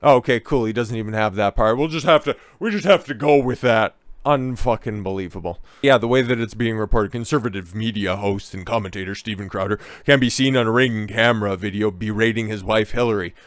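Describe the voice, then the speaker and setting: A man's voice: fairly low pitch, a little fast, no echo, studio quality. A man giving reaction commentary as he reads an article aloud, breaking in with sarcastic, profane asides. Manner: sarcastic and profane, interrupting his own reading.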